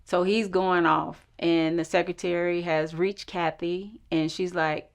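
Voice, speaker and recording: Low-voiced woman telling her own story. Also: flat delivery, unhurried, vocal fry, few pauses. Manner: acts out quoted voices with shifts in pitch. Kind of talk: personal storytelling.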